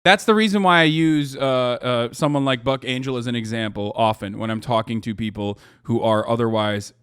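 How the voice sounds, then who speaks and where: A man's voice: medium pitch, moderate pace, fairly bright tone, clear, resonant tone, no echo, clean studio sound. A man streamer from the United States, giving a profane, emphatic reaction commentary. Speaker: streamer host.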